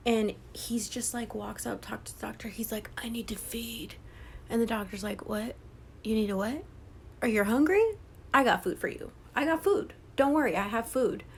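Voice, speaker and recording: Retelling the plot of a horror novel in a relaxed way, this young woman, a book vlogger, whispers at times and voices the characters with lots of profanity. Her voice is mid-range, with a little hiss or hum in the recording.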